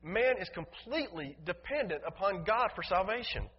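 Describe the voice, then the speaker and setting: A male pastor preaching a sermon in a church, emphatic, swinging from loud declarations to soft, low passages. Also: lively intonation, normal speed, slightly rough. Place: church sanctuary. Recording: dull, reverberant hall sound.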